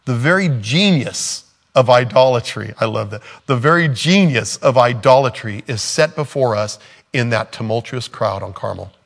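A man's voice: mid-range voice, lively intonation, normal speed, vocal fry, fairly bright tone. A man preaching a sermon in a casual, sarcastic way, acting out quotes as he goes. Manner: conversational, sarcastic, acts out quotes. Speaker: pastor.

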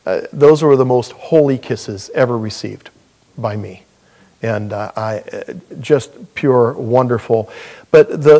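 A man's voice: mid-range voice, darkish tone. A man preaching a sermon as pastor in a church, earnest and folksy with touches of humor.

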